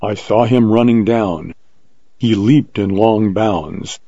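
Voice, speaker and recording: A man reading an adventure story aloud in a measured, vivid way, on a dull lo-fi recording. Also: on the low side, mellow, no room sound. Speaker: narrator. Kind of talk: scripted narration of an adventure story.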